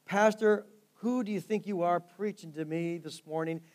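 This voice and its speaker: A man's voice: sits high, moderate pace, a little mellow, close to an everyday voice. A man putting on the voice of an irritated churchgoer snapping at the pastor. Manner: irritable, grumbling. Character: stressed, irritated churchgoer under pressure.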